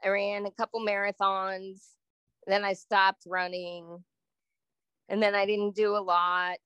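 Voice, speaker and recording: A woman's voice: mid-range voice, level tone, measured pace, fairly bright tone, smooth, dry recording, lo-fi sound. A woman speaking as a guest with her brother, chatty and blunt, laughing often. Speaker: guest, host's sister. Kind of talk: casual chat.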